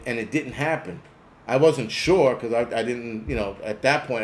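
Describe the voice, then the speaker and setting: Slight background noise sits under this man's mid-range voice as he hosts his prepper channel live. His talk is loose and rambling, full of swearing, and he reads viewers' chat names aloud.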